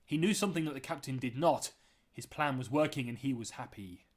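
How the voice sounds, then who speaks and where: Man reading his novel aloud. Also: mid-range voice. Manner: measured, dramatic storytelling. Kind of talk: audiobook-style novel reading. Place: at home.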